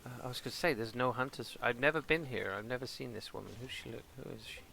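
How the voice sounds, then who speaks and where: Gravelly British man chatting through gameplay. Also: mid-range voice, fast, pushed and bright, slight background noise. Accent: British English. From England. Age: adult with a son. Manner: chatty, rambling, talks to game characters. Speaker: gaming streamer. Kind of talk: casual gameplay commentary. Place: home streaming setup with green screen.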